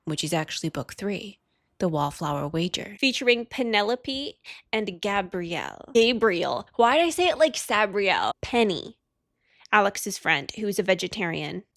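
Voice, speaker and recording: A woman's voice: mid-range voice, sing-song, fairly bright tone, dry recording, studio quality. A young woman casually recapping a romance novel, chatty, with joking asides. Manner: chatty, joking asides, plays characters in quick put-on voices. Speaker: book vlogger.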